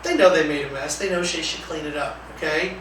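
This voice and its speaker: A man delivers a training lecture in a relaxed, conversational way, now and then repeating calm example phrases. His voice sits high and sounds bright. He is recorded from far off in a very echoey room with a faint hiss. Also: brisk.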